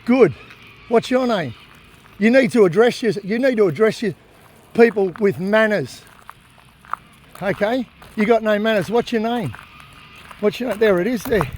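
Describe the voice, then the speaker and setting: Defiant high-voiced Australian man. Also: moderate pace, long pauses, darkish tone, a little hiss or hum. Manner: defiant, indignant, raises his voice to make points. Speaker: animal rights activist. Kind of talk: impassioned filmed monologue and confrontation. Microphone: phone camera held by speaker.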